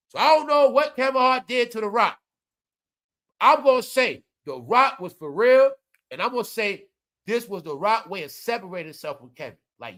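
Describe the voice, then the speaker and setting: A man giving animated, slangy casual commentary, often turning to his viewers. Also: high-pitched. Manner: animated, slangy, keeps addressing the audience. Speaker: commentary vlogger.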